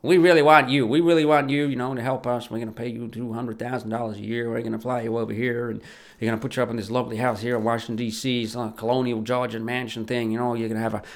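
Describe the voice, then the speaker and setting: A man's voice: mid-range voice, little pitch movement, quick pace, natural voice. A man putting on an American accent to voice a coaxing American government recruiter. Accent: American (put on). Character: smooth-talking American male government recruiter.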